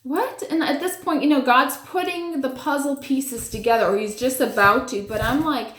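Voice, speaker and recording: Chatty higher-voiced woman in an echoey room. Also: moderate pace. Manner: chatty, many "like" and "you know" fillers; animated retelling with acted-out reactions. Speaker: storyteller sharing personal spiritual experiences. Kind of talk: casual personal storytelling.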